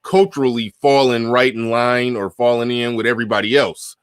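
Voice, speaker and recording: A man hosts a casual livestream, circling his points with stops, restarts and fillers. His voice sits at an everyday pitch for a man. The sound is dry and close, with no room echo. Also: flat delivery, a little fast, clean tone. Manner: rambling, many restarts and fillers. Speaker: host. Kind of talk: casual livestream talk show.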